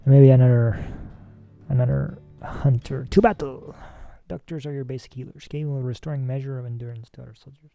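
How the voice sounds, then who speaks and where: A man's voice: medium pitch, steady tone, a little fast, vocal fry, narrow, tinny audio, faint music behind. A man hosting a let's play, giving casual gameplay commentary and thinking aloud about tactics.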